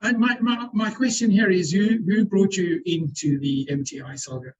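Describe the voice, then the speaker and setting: A man's voice: high voice, moderate pace, background noise. Earnest man on a muffled webinar line. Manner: earnest, often repeats words as he restarts. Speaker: webinar panellist. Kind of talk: explanatory webinar talk. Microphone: video call.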